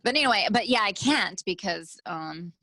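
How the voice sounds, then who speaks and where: A woman's voice: medium pitch, lively intonation, moderate pace, pushed and bright, dry recording. A woman co-hosting a podcast, giving blunt opinions in casual bickering chat with frequent ums. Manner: blunt, opinionated, hesitant fillers. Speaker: podcast co-host.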